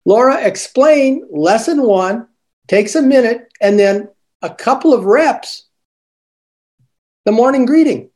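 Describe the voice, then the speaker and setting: Dark-voiced man coaching teachers. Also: very high voice, lively intonation, slow pace, pauses often. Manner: demonstrative, models greetings with sing-song emphasis. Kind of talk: coaching talk.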